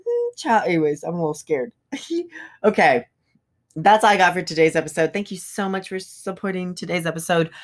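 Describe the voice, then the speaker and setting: A young woman hosting her own podcast, chatting casually and rambling with lots of fillers and asides. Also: fairly low pitch. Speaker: podcast host. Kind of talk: casual solo podcast chat.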